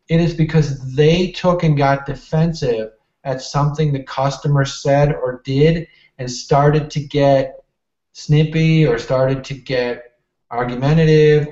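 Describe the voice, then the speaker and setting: A man's voice: a little high, a little mellow. Man guest in an echoey, muffled room. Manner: earnest, explanatory. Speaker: guest, customer service manager and trainer. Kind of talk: casual interview talk.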